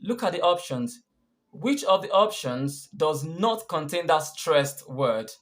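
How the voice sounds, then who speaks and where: A male English coach with a Nigerian accent explains stress patterns step by step. His voice sits a little high, and he asks the listener questions and then answers them himself. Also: sing-song, fairly bright tone. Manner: clear, deliberate explanations with repeated quiz questions. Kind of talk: scripted lesson.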